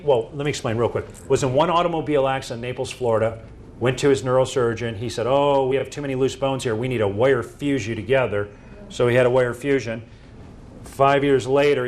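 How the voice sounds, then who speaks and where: A man giving a presentation to an audience, telling stories and acting out quoted dialogue in an animated way. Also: mid-range voice, slight background noise.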